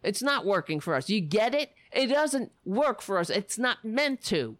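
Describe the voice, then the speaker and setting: Woman, angry political rant, swearing, sarcastic, slow deliberate delivery, swooping pitch, dry close sound. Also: big pitch swings, no echo. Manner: furious, profane, sarcastic.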